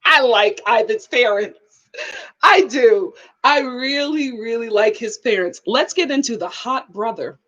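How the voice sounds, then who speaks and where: A woman's voice: fairly high pitch, unhurried, muffled recording, slight background noise. A woman vlogger chatting casually about a reality show, laughing often and acting out quotes. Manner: animated, laughing, acts out quotes. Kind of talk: casual chat.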